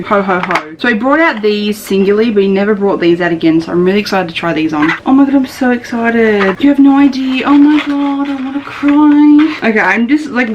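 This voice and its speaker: A woman filming an excited unboxing vlog at home, gushing and exclaiming as she opens each item. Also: mid-range voice, background noise. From Australia. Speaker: beauty vlogger. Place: home, washing machine running nearby.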